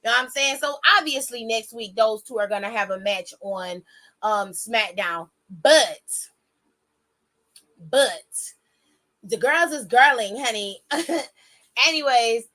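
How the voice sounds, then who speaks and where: A woman recapping a wrestling show in a casual vlog, sounding bright and forceful. Her voice sits fairly high, and she talks in an animated way. She swears freely and keeps breaking off into quick side remarks. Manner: chatty, animated, swears freely, self-interrupting asides.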